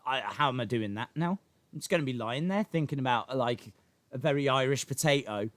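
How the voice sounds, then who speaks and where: A man hosting a live stream, reacting excitedly to chat, shouting and laughing. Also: mid-range voice, fairly quick, no echo. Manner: animated, shouts and laughs reading chat names.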